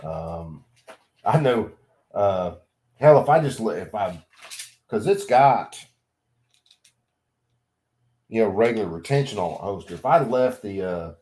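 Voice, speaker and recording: Profane, rambling man with a low voice. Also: lively intonation, measured pace, long pauses, darkish tone. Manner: rambling, profane, self-mocking, laughs a lot. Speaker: vlogger. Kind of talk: casual storytelling vlog.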